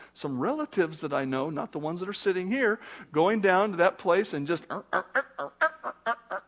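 A middle-aged man preaching a sermon in an animated, conversational way, full of rhetorical questions to his congregation. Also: fairly high pitch. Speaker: pastor.

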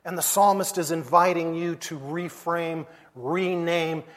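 Slow, emphatic preaching man. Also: fairly high pitch, fairly even intonation, fairly bright tone. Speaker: pastor. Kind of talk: sermon.

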